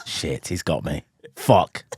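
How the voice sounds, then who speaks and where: A man's voice: very deep voice, animated, slow, gravelly, raised voice, background noise. A man co-hosting a podcast in a small studio, blunt and sweary, teasing the others. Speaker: podcast co-host. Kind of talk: casual banter.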